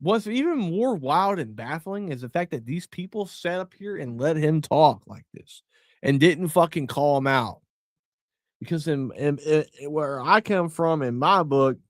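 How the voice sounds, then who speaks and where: Middle-aged male podcast host, blunt and profane, heated delivery, slightly high voice. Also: lively intonation, unhurried, no echo, studio quality. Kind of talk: casual podcast commentary.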